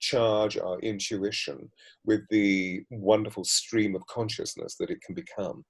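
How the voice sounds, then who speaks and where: Low, husky man speaking in measured flowing lists. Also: fairly even intonation, rough recording. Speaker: voice coach and mystic guest. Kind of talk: reflective interview talk.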